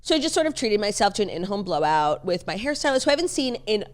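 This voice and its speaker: A pregnant woman co-hosting a casual chat podcast, animated, laughing often and swearing casually. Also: medium pitch, fast. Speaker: podcast co-host.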